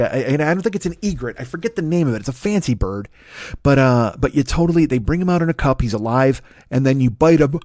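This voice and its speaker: A man's voice: a little high, a little mellow, dry recording. Swearing, rambling comic man, dry mic. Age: 40s. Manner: profane, riffing, self-interrupting with asides and laughs. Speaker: comedian hosting a solo podcast. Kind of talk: rambling stand-up style monologue.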